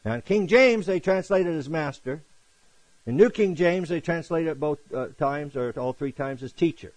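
A man with a fairly high voice preaching an animated sermon. He acts out quotations and drops from loud, emphatic lines to soft asides. The sound is dry and close. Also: moderate pace, no room sound, low-quality recording. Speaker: pastor.

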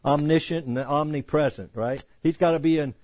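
Guy with a high voice doing a bible study, reads a verse then chats about it, dry close sound. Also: normal speed, darkish tone, dry recording. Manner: reads scripture aloud then explains it conversationally, with joking asides. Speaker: Bible teacher.

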